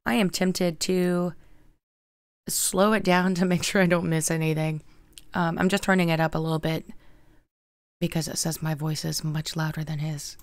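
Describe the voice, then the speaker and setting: A man's voice: fairly high pitch, steady tone, moderate pace, no echo. A middle-aged man hosting a reaction video, chatting casually about comedy from a home studio. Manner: chatty, laughs along with the clip. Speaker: reaction channel host. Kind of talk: casual commentary. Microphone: desk microphone.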